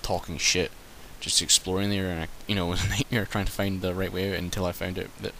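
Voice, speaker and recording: A man's voice: sits low, flat delivery, fast, fairly bright tone, slight background noise, low-quality recording. A man giving rambling, chatty commentary while playing a game, swearing and joking as he goes. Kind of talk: let's play commentary.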